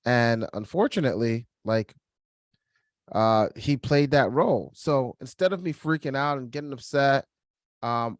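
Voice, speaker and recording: A young man co-hosting a podcast, telling a personal story in casual chat, lively and laughing, acting out the voices of others. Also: mid-range voice, no echo, studio quality. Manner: animated, acts out quoted voices, laughs while telling. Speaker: podcast co-host.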